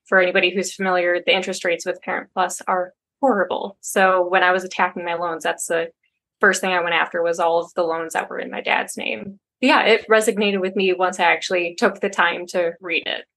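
A woman, a podcast guest, talking in casual chat and quoting others in a lively way. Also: lowish voice, fairly quick, vocal fry.

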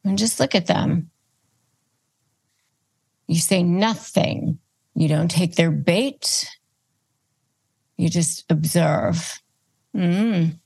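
A woman host giving advice, walking through numbered steps with deliberate emphasis and acting out calm replies and knowing looks. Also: lowish voice, gravelly, slightly rough. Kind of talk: instructional advice talk.

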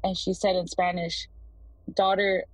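Husky-voiced woman telling a frightening story. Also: fairly low pitch, fairly even intonation, a little mellow, dry recording, rough recording. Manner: earnest, halting. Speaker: voicemail caller. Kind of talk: first-person story.

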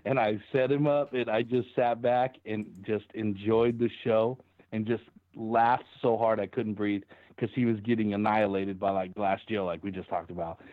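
A man co-hosts a laid-back sports podcast, rambling through stories and laughing as he goes. His voice sits slightly low and very dry. It comes through a narrow, tinny phone line. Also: steady tone, normal speed, no room sound. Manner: laughs often, rambling storyteller. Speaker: podcast co-host. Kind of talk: casual sports podcast chat.

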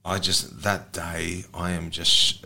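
A man in his forties with an Australian accent, hosting an interview in relaxed chat that often trails off softly. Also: sits low, unhurried, creaky. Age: 40s. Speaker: host.

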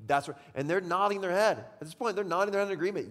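A man delivers a sermon from the pulpit, his voice sitting a little high for a man. He moves from hushed, searching questions to loud, fervent outbursts. The sound carries the long reverb of a large church hall. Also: fairly quick, few pauses. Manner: impassioned preaching, swinging from hushed to loud. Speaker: pastor.

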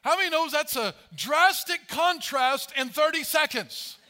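Man, pastor, sermon, high-pitched, lively storytelling. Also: measured pace. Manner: animated preaching, acts out Bible voices.

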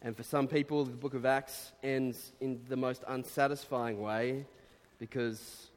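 A man preaching a sermon, reading quotes aloud and breaking into animated exclamations. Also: mid-range voice, measured pace. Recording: long reverb of a hall.

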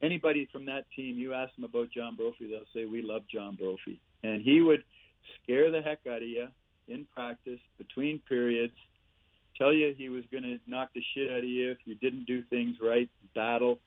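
An older man, a former hockey player and coach, telling lively stories as a podcast guest over a remote line. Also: mid-range voice, normal speed. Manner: lively storyteller, chuckles through punchlines. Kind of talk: casual anecdote-telling. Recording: tinny phone line, dry.

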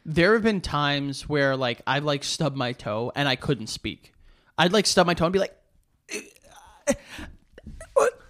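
A young man co-hosting a podcast in casual chat, relaxed and often laughing. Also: a little high, normal speed. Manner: laid-back, laughs often, uses "like" a lot. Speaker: podcast co-host.

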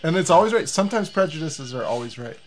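A man's voice: a little high, fast, a crowd in the background. A man co-hosting a casual podcast chat, cracking crude jokes. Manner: crude joking, animated. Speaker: podcast co-host.

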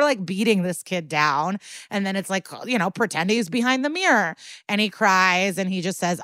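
A woman's voice: fairly low pitch, normal speed, sharp tone, dry recording, clean studio sound. A woman co-hosting a podcast, recapping a TV episode in a casual, profane, rambling way full of filler words. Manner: profane, chatty storyteller full of "like" and "um". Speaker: podcast co-host.

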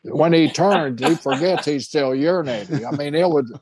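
A man co-hosting a podcast, telling relaxed anecdotes with chuckles. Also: on the high side, normal speed, breathy edge. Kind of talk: casual storytelling.

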